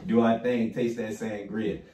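A man's voice: on the low side, steady tone, measured pace. A laid-back male host who keeps the chat loose, cursing casually and laughing between lines. He sits back from the mic in an echoey room. A faint hiss runs under his voice. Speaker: podcast host. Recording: roomy distant mic with faint noise.

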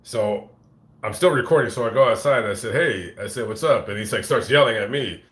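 A man telling a rambling, profane story on a casual live stream, recorded on a phone in a fast-food restaurant. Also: on the low side, roomy sound. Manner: rambling, profane, animated retelling. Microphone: phone camera.

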